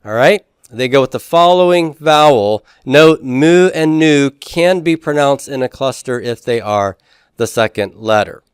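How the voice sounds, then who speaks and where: A man's voice: medium pitch, lively intonation, a little slow, clean tone, dry recording, studio quality. A man lecturing a class on Greek pronunciation and syllable division, explaining step by step and often checking in with his listeners. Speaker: Greek teacher.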